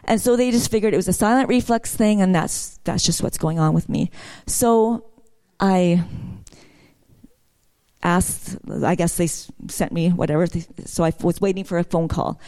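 A woman's voice: lowish voice, normal speed, dark tone. A middle-aged woman sharing a personal testimony in church, telling her story in a chatty way that rises into fervent praise. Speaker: worship leader sharing a testimony.

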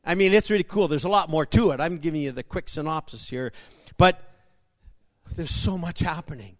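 A man preaching a sermon, telling stories with emphasis and bursting into shouts. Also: on the high side, moderate pace, dry recording.

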